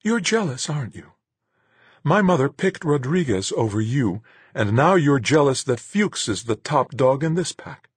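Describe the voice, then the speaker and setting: A man's voice: medium pitch, sing-song, moderate pace, breathy edge, dry recording, voice pushed up. A man reading a story, voicing a cold, proud young woman who answers in icy, cutting tones. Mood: venomous. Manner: icy, cutting, sharply raised voice.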